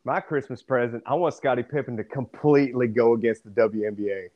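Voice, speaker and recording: A man hosting a casual sports podcast, telling stories in a profane, laughing, animated way. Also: medium pitch, brisk, muffled recording, a little hiss or hum. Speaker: podcast host.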